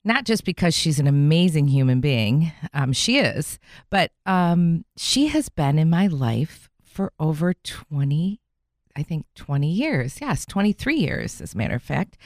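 A woman's voice: low voice, darkish tone, dry recording, clean studio sound. A middle-aged woman hosting a radio show, chatting and telling stories with lots of fillers. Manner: chatty, storytelling, many fillers. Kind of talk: casual radio interview. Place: radio studio.

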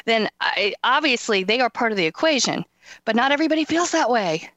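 Woman, interview host, animated, emphatic, higher pitch, dry studio sound. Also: brisk, no echo, muffled recording. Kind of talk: casual interview chat.

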